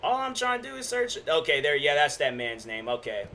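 A man in his twenties casually telling stories on his own podcast, slangy and relaxed, acting out the exchanges he describes. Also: brisk, a little hiss or hum. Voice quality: deep voice. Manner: laid-back slangy storytelling, acts out quoted exchanges. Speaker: podcast host. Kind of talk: casual storytelling monologue. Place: home, at a laptop.

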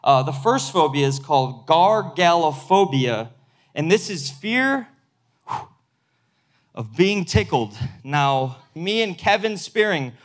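A young man with a notably high voice delivers a casual youth sermon. He talks fast and loose, full of slang, stories and direct questions to the audience. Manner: energetic, casual slang, addresses crowd directly. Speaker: pastor. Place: event hall with live audience.

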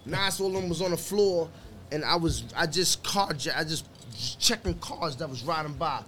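A man telling a story in casual podcast chat, animated and profane, acting out quotes. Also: a little high, moderate pace, slight background noise. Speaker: guest.

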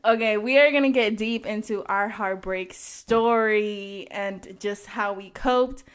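A woman's voice: mid-range voice, unhurried. A young woman from co-hosting a casual podcast chat, playful and swearing freely. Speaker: podcast co-host.

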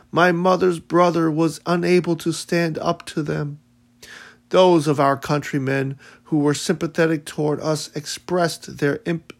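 A man narrating a first-person audiobook in a measured, solemn way. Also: fairly high pitch, gravelly.

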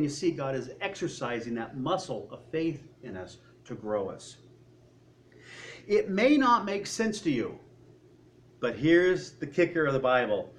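A man's voice: a little high, very animated, normal speed, slight background noise. A man preaching a sermon, acting out the voices of worried people and of God as he goes.

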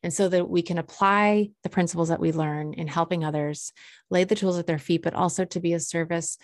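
A woman co-hosting a casual podcast chat, rambling and restarting as she tells stories. She has a fairly low speaking voice for a woman, and her pitch jumps way up whenever she acts out other people's lines. The sound is dry and close, with no room around it. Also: a little fast, no echo. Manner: animated storyteller, acts out quoted voices high and loud. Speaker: podcast co-host.

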